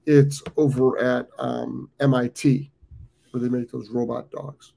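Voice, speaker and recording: An American man in his fifties hosts a live dog training show, rambling and repeating himself with lots of ums while he has the hiccups. His mid-range voice is flat, unhurried, mellow and husky, with vocal fry.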